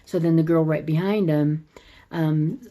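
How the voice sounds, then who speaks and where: A woman with a low, warm voice talks loosely through a film's plot. She rambles, restarts her sentences and often breaks into a laugh as she retells the scenes. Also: fairly even intonation, a little slow. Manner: rambling, with frequent restarts and self-corrections; chatty, laughs while retelling. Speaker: movie reviewer. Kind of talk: casual spoken movie recap.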